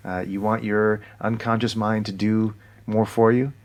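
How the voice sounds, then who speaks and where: A man co-hosting a podcast, reflecting calmly and explaining his ideas in casual conversation. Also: on the low side, a little slow. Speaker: podcast co-host.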